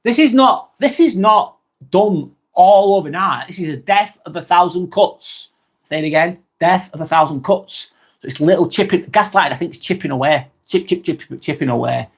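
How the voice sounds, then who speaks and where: A man's voice: sits high, expressive, normal speed, slightly rough. A man hosting a live vlog, talking bluntly and expressively, swearing freely and reading out chat comments.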